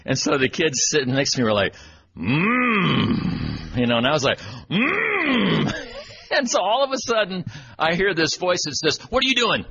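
A man's voice: on the high side, expressive, fast, fairly bright tone, husky. A man from Texas giving a folksy, self-deprecating storytelling talk at church, chuckling as he goes. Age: 40s. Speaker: church speaker and webmaster. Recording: dull lo-fi recording with faint noise.

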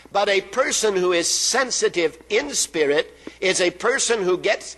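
A man's voice: sits high, a bit bright, low-quality recording. A man preaching a sermon in an emphatic way, drawing out phrases and letting them fall at the ends. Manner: emphatic, drawn-out phrases with falling endings.

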